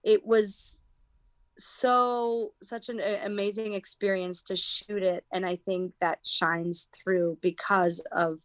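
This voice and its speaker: A woman's voice: medium pitch, flat delivery, takes it slowly, dry recording, dull audio. An actress with an American accent, talking thoughtfully in an interview and searching for her words. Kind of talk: casual interview talk.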